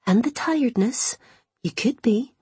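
A woman voicing a warm, excitable, middle-aged mother, with a husky voice. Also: a little high, a little slow, no echo, pitched above the performer's own voice, heavily acted. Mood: fussing, eager.

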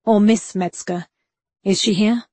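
A woman's voice: medium pitch, steady tone, a little slow, mellow, dry recording, close to an everyday voice. Woman doing a stern victorian guy, short bossy lines, urgent. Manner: terse, commanding.

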